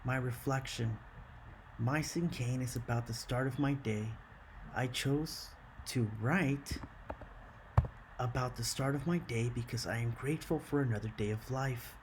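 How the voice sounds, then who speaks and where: A man teaching a classroom lesson, slow and encouraging, counting syllables aloud. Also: mid-range voice, noisy background.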